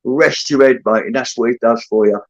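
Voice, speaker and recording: A man's voice: mid-range voice, a little fast. A man chatting casually as a caller on a live panel, rambling and friendly. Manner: rambling, friendly, says mate a lot. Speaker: guest caller. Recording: dull lo-fi call audio.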